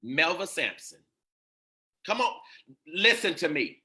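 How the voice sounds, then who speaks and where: A man's voice: fairly high pitch, animated, normal speed, sharp tone. A man hosting a live-streamed spiritual teaching, speaking in a preacherly way that repeats phrases and calls out to viewers by name. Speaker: host and teacher.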